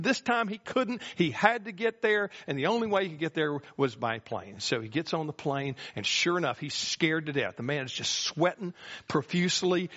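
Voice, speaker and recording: Pastor guy preaching, kinda high voice, storytelling style, muffled old recording. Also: fairly bright tone. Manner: folksy storytelling with dramatic pitch swings. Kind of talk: sermon.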